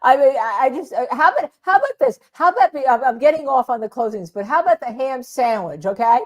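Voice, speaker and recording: Fast talking lady host, chatty and jokey, kinda high voice. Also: animated, dull audio. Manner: quick, chatty, jokey asides. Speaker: host, defense attorney. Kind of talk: casual chat.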